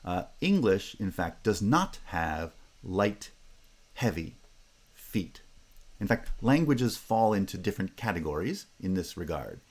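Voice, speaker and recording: A man giving a university phonetics lecture, pausing with fillers and restarts and checking in with the class with "right?" and "okay?". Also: low-pitched, big pitch swings, slightly rough.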